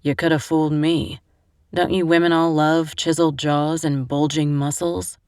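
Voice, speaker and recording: A woman's voice: deep voice, little pitch movement, normal speed, darkish tone, clear, resonant tone, no echo, clean studio sound. A woman voicing an earnest, bewildered young man in an audiobook. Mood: puzzled. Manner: puzzled, self-doubting.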